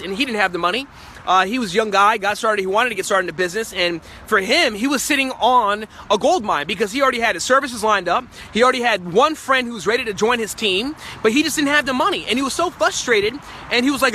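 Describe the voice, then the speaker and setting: Fast, forceful high-voiced man. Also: slight background noise. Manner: fast, forceful and emphatic, acts out client voices. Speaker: sales trainer. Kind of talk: motivational sales talk.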